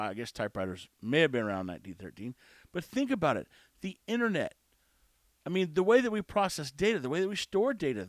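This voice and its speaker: A man's voice: high-pitched, no echo, studio quality. A man delivering an opinionated monologue, ranting and often cutting himself off. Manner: animated, ranting, self-interrupting. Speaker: podcast host.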